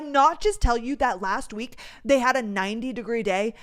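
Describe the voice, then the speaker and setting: A young woman from North Dakota hosting a casual solo podcast, telling stories with animated energy, acting out dialogue and swearing freely. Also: fairly high pitch, normal speed, few pauses. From North Dakota, USA. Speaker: podcast host.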